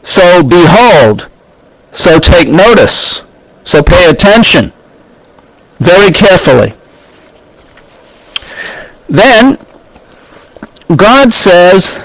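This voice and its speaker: Slow, high-voiced man teaching scripture. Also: sing-song, a bit bright, dry recording, rough recording. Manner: deliberate, pausing often, reads Hebrew phrases and explains them. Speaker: Bible teacher.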